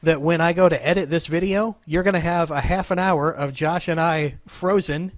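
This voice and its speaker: A podcast host in his thirties runs a casual show over a video call, joking, rambling and poking fun at himself. He speaks at a moderate pace in a slightly high voice, with no echo on the recording.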